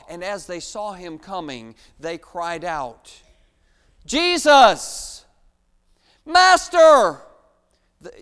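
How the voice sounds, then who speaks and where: A man preaching a sermon in a church, emphatic, asking rhetorical questions and swinging between loud and hushed. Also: mid-range voice, clear, resonant tone. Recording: long hall reverb.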